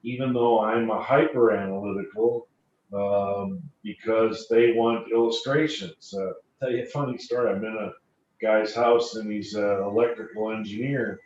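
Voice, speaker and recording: A man's voice: lowish voice, fairly even intonation, moderate pace, darkish tone. A man on a panel, telling sales stories and repeating phrases for emphasis, heard through a video call. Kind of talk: panel talk with anecdotes. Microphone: video call computer mic. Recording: echoey, distant, dull lo-fi call audio, faint hiss.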